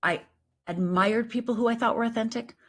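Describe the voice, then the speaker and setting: A middle-aged woman, a life coach, talking in an animated, emphatic way as an interview guest. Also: on the high side, a little fast. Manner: animated, emphatic, lively storytelling with quoted voices. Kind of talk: conversational interview.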